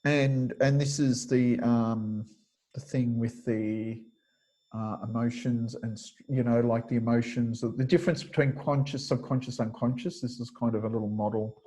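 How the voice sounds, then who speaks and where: A man's voice: medium pitch, fairly even intonation, moderate pace, warm tone, poor audio. A man teaching a webinar lecture over a video call, explaining step by step and thinking aloud with frequent fillers. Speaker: kinesiology teacher.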